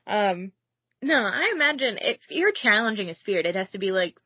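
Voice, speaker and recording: Brief: mid-pitched woman, snarky podcast co-host, dry close mic, dull lo-fi sound. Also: sing-song, normal speed, husky, no echo. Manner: snarky, playful quips. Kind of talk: casual comedic banter.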